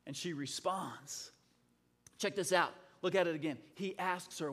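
A man preaching a sermon with a high voice, swinging from loud, impassioned calls to hushed, dramatic asides. The sound carries the long reverb of a big hall. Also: very animated, takes it slowly, creaky. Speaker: pastor.

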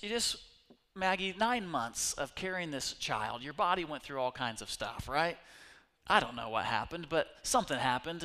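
A middle-aged male pastor preaching a sermon, animated and conversational, speaking directly to his congregation. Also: a little high.

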